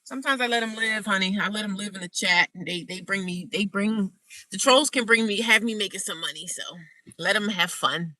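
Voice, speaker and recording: A woman's voice: medium pitch, a little fast, bright, forceful tone, far from the mic. A woman vlogger from the United States chatting sassily to her viewers from inside her car, calling them honey and girl. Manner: sassy and chatty, calls listeners honey and girl. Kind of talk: casual chat to a live chat.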